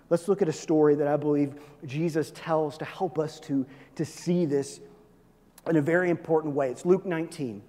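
A man preaching a sermon to his church, swinging between loud, urgent peaks and soft, low asides. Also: steady tone, normal speed. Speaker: pastor. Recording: long reverb of a large hall.

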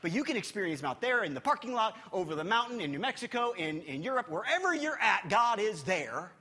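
Animated, high-voiced male pastor preaching. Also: fast talker, slightly rough, big-room sound. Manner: animated and emphatic, swings between loud and hushed; repeats words while gathering his thoughts. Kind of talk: sermon. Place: church hall.

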